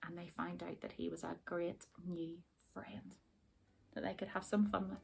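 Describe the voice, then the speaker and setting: A woman teacher reading a rhyming picture book aloud to children, expressive and stopping to ask about the rhymes. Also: lowish voice, normal speed, vocal fry, breathy edge, faint music behind. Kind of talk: storybook read-aloud for children.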